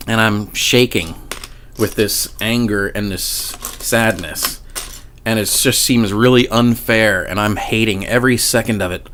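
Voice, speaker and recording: A man's voice: on the low side, fairly bright tone, slight background noise. A man casually telling a personal paranormal story in a rambling, profane way, often restarting his sentences. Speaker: vlogger.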